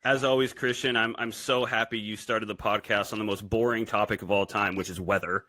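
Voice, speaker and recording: A man's voice: on the low side, fairly even intonation, brisk, bright, forceful tone, no echo. A man co-hosting a podcast, speaking in a teasing, dry casual chat. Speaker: podcast co-host.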